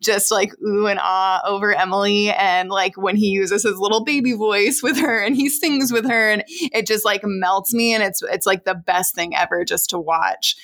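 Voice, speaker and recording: Gravelly-voiced woman podcast co-host. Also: medium pitch, steady tone, moderate pace, few pauses. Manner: warm, affectionate, laughs often. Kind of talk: casual chat.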